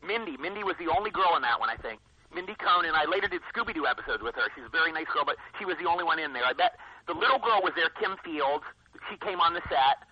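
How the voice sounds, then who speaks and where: Man, nerdy excitable storyteller, high-pitched, lo-fi sound. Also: fast, a little hiss or hum. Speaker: guest actor. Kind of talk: casual interview anecdotes.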